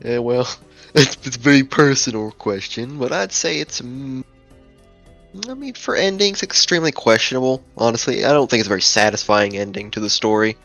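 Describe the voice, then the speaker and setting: A young man co-hosting a casual chat, joking with deadpan sarcasm. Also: mid-range voice, a little fast, lo-fi sound, soft background music. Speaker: co-host.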